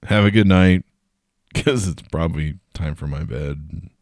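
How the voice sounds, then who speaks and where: A man's voice: low voice, unhurried, a little mellow, no room sound, clean studio sound. A man hosting a casual solo news podcast, tired and yawning, rambling with jokes and swearing. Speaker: podcast host.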